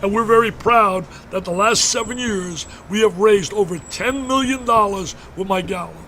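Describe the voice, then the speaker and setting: High, bright-voiced older man telling a story with fervor. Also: moderate pace, slight background noise. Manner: fervent, repetitive, emphatic storyteller. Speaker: interview guest, basketball broadcaster. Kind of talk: emotional storytelling in a radio interview.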